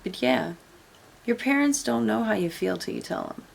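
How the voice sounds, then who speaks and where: A woman's voice: medium pitch, expressive, normal speed, creaky, breathy edge. A woman giving casual reaction commentary, blunt and sarcastic, swearing freely. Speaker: commentary YouTuber.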